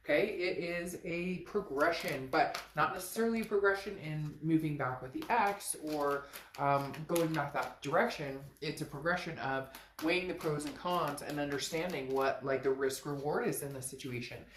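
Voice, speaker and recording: A woman giving a casual tarot reading, frank and animated, sometimes swearing and acting out what people might say. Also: normal speed, echoey room, a little hiss or hum. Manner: animated, frank, swears, acts out quoted lines in a high voice. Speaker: tarot reader.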